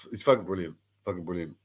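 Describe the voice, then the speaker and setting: A man's voice: sits low, moderate pace, slightly rough. A middle-aged man, a boxing pundit ranting bluntly and swearing freely in casual panel chat.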